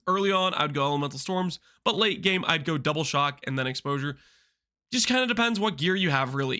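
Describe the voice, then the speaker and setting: A man's voice: a little high, bright, forceful tone. A man casually talking through a game build guide while playing, chatty and explanatory, with loose restarts. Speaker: gaming content creator.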